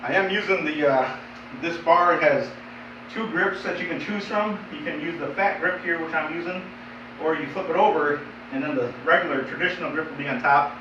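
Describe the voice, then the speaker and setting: A man's voice: a little high, brisk, lo-fi sound, noisy background. Chatty man in his fifties, roomy basement. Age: 50s. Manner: plainspoken, rambling, repeats himself. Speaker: fitness streamer. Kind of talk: casual live-stream chat while lifting. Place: home basement gym.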